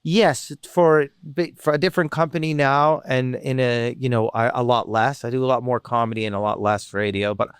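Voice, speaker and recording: A man, a comedian and radio host, chatting as a podcast guest and telling animated stories. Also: medium pitch, moderate pace, hardly any pauses, smooth, dry recording, studio quality. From Canada. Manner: animated storyteller who acts out the people he quotes. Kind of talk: casual storytelling chat.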